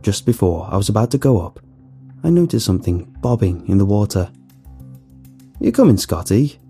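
A man narrates a creepy first-person tale with a wry, jittery edge. His voice is dark and gravelly, swinging widely in pitch, with faint music under it. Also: expressive, a little fast.

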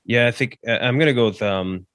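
A man co-hosting a podcast, chatting casually and reading a sponsor spot in a relaxed, conversational way. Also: mid-range voice, brisk, clean tone, dry recording, studio quality. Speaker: podcast co-host. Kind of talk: casual chat and read ad.

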